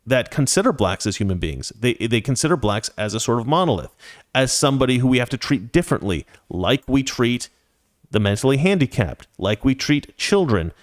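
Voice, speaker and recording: A man in his forties hosts his own talk show, reading out viewer messages and offering opinionated, conversational commentary with frequent restarts. His mid-range voice swings widely in pitch and moves fairly quickly. The recording is clean studio sound with no echo.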